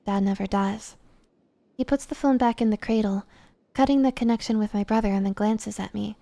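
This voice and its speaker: A woman's voice: medium pitch, fairly quick, gravelly, warm tone, no echo. A young woman streamer reading a visual novel aloud, narrating expressively with dry asides.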